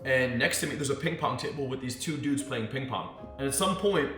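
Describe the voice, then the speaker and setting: A dating coach speaks in a mid-range voice at a slightly fast pace, delivering a casual monologue of stories where he swears and animatedly acts out what people said. The recording comes from an echoey room with faint background music.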